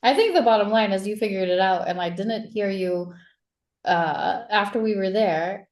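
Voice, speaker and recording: A woman's voice: medium pitch, normal speed. A woman hosting an interview, asking encouraging questions in a rambling, casual way. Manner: rambling, many fillers and restarts, encouraging questions. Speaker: interviewer and retreat host.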